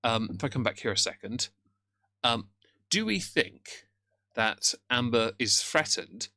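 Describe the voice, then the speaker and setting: A man's voice: medium pitch, lively intonation, a little slow, sharp tone, no echo, clean studio sound. A man hosting a casual live stream, rambling as he reacts and greets his chat by name, and now and then tripping over his words. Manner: rambling, chatty, greets chat, stammers at times.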